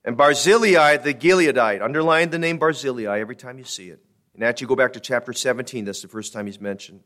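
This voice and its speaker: A male pastor preaching a sermon, telling a folksy joke and then reading scripture slowly and emphatically. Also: mid-range voice, expressive, fairly bright tone.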